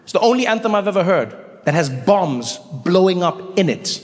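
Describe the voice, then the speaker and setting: A man's voice: sits high, sing-song, moderate pace, in a large hall. A man doing stand-up comedy, telling stories animatedly and asking rhetorical questions. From South Africa. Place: comedy stage before a live audience.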